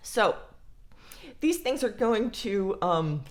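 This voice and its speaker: A woman's voice: on the high side, sharp tone. A woman vlogger talking casually about mental health in a blunt, frank way, swearing freely. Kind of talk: casual talk to camera.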